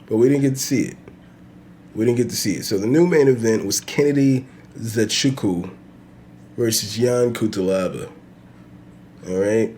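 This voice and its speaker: A man's voice: fairly low pitch, moderate pace, long pauses, a little mellow, a little hiss or hum. A man hosting his own podcast, talking casually and profanely in a loose, rambling way with bursts of laughter. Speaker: podcast host. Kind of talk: casual solo podcast rant.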